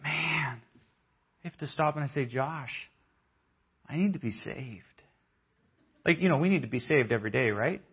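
A man telling a story in a conference sermon, acting out the people he quotes in a lively way. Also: medium pitch, husky. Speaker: conference speaker. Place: church hall. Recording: dull, muffled audio.

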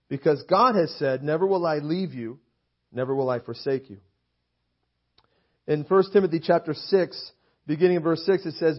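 Guy preaching in a church, slightly high voice, keeps going "right?", dull lo-fi sound. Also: moderate pace, long pauses. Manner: rhetorical, keeps asking "right?"; emphatic, rises when reading scripture. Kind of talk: sermon. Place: church meeting hall. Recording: dull lo-fi recording.

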